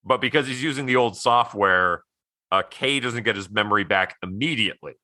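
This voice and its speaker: A man with a low, forceful voice chats casually as a podcast co-host. He rambles through recaps with plenty of "like" and laughs easily. The sound is close and dry. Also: brisk, no echo. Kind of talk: casual movie chat.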